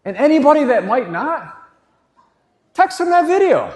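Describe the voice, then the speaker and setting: On stage in a large hall, a motivational speaker in his forties hypes up the crowd, swearing and leading shouted call-and-response chants. His very high voice is sing-song at a normal pace. The hall echoes, with faint crowd and background noise.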